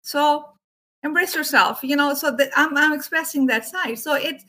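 This Ayurvedic doctor and yoga teacher has a high-pitched voice and a normal pace as she chats casually about emotions. The conversation is spiritual in tone, and she animatedly performs the voices of people she quotes.

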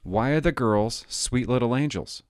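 A middle-aged man doing stand-up comedy, sarcastic and mock-outraged, swinging between loud outbursts and muttered asides. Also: medium pitch, unhurried, smooth, no echo, clean studio sound. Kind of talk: stand-up comedy with ironic reading.

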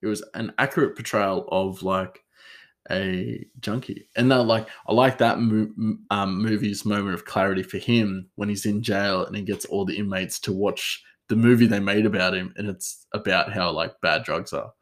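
A man with a fairly low voice talks alone on his podcast in a loose, rambling way. He stumbles through fillers and corrects himself as he goes. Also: fairly even intonation, moderate pace. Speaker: podcast host. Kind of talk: casual solo chat.

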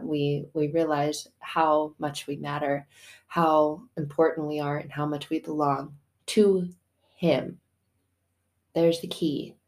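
A woman's voice: deep voice, a little mellow. A woman and mother hosting a casual faith talk, chatty and slangy, with some swearing. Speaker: faith podcast host.

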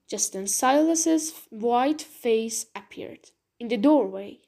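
A woman reading a storybook aloud in a slow, clear narration. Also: a little high, expressive, a little mellow.

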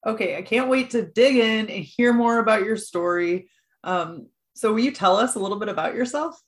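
A woman's voice: medium pitch, normal speed. Enthusiastic woman podcast host. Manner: enthusiastic, laughing, eager questions. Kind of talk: podcast intro and interview.

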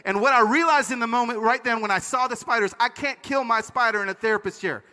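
A man giving a conference talk, telling stories in an animated, comic way. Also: very high-pitched, fast. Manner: animated, comic, acts out voices. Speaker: conference speaker. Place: conference stage. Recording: large hall reverb.

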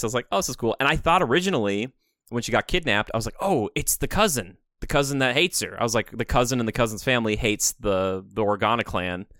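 A man with a fairly low voice, recorded dry and close, chats loosely in a podcast. He rambles and slips into playful put-on voices for quoted lines. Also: pushed and bright, no room sound. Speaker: podcast co-host. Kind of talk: casual chat.

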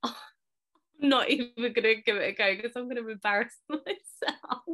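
Woman, podcast co-host; higher voice, giggly, self-deprecating, casual chat. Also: moderate pace, a bit bright.

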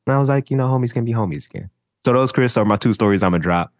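A man in casual chat as a podcast co-host, talking in a relaxed, reflective way with plenty of slang. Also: medium pitch, racing, no echo, clean studio sound.

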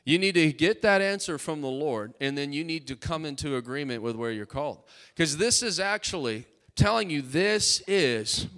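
A man's voice: fairly high pitch, animated, moderate pace, hardly any pauses, a bit bright. A male pastor preaching a fervent, emphatic sermon in church, calling out to his congregation.

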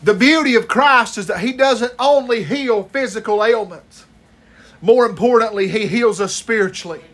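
A man preaching an impassioned sermon, stretching key words and rising to shouts at the high points. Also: normal speed.

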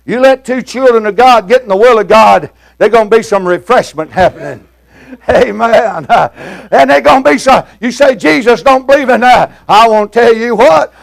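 An older male preacher shouts a fiery sermon in a very high, gravelly voice at a moderate pace. His delivery rolls along in classic preaching cadence, folksy and plain-spoken, with "uh" filling the gaps between phrases.

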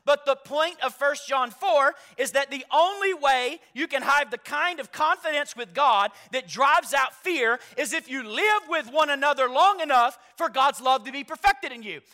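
A man preaching a sermon to his church, repeating key phrases for emphasis and building from quiet explanation to loud, emphatic delivery. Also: extremely high pitch, animated, moderate pace, few pauses. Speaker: pastor.

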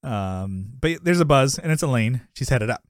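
A man's voice: medium pitch, animated, moderate pace, no echo, studio quality. A man co-hosting a podcast in casual chat, rambling through a sitcom episode recap, laughing often and acting out the characters' lines. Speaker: podcast co-host.

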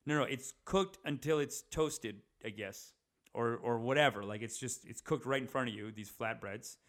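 This young man's medium-pitched, fairly bright voice moves at a moderate pace as he vlogs from his parents' house. He talks to the camera casually and rambles, swearing often and restarting amid lots of fillers.

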